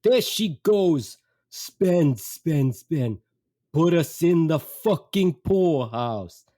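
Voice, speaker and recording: A man's voice: high-pitched, expressive, measured pace, mellow, voice pushed up. A man playing an impatient older father who barks and swears. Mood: exasperated. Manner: barking, exasperated.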